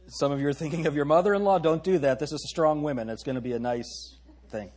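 A man's voice: fairly high pitch, lively intonation, a little fast, darkish tone, breathy edge. A man preaching a sermon, reading old-style scripture aloud and breaking off for joking asides to the congregation.

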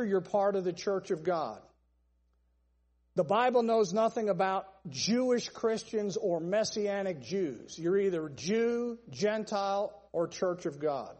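A man's voice: high voice, a little mellow, in a large hall. A man preaching a sermon, stressing points through long repeated lists. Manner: emphatic, repetitive list-style preaching.

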